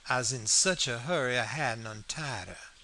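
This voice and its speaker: A man's voice: mid-range voice, normal speed, sharp tone, slight background noise. A man reading an audiobook aloud, in a folksy first-person storytelling manner with plain vernacular grammar. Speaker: audiobook narrator. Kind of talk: scripted narration.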